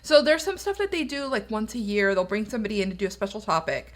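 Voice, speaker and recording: A woman's voice: mid-range voice, fast. A woman from the US South, co-hosting a radio podcast in casual chat, telling stories and acting out the voices she quotes. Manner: animated storyteller, acts out quoted voices. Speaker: podcast co-host.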